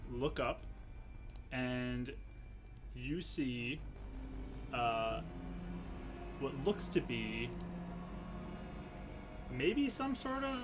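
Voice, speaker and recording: A man narrating a tabletop game as game master, with hesitant, filler-heavy delivery. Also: a little high. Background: music.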